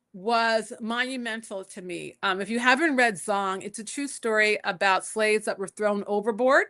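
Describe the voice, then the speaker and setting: Bright-voiced woman telling stories. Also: medium pitch. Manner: storytelling, acting out quoted voices. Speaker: poet and scholar guest. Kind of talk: conversational interview answers. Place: home in Puerto Rico.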